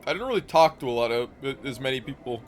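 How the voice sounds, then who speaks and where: A man's voice: mid-range voice, expressive, fast talker, slight background noise. A man streaming a game live, chatting casually and reading the game's narration aloud with the odd stumble.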